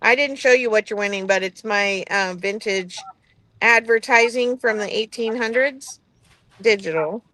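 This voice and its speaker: A woman hosting a casual livestream giveaway, upbeat and quick to laugh. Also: on the high side, sharp tone, dry recording, low-quality recording. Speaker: livestream host running a giveaway. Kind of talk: casual chat.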